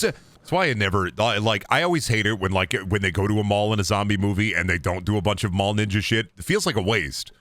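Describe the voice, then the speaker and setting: A young man giving loose, joking commentary while he plays a video game, rambling and swinging between loud outbursts and low mutters. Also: quick pace, dry recording. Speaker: gaming streamer. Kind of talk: casual gameplay commentary.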